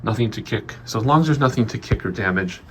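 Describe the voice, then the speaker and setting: A man's voice: fairly low pitch, lively intonation, fast talker, slight background noise. A man giving a chatty, rambling tour of his home office studio, a little out of breath. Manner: rambling, chatty, frequent ums. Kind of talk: casual walkthrough vlog.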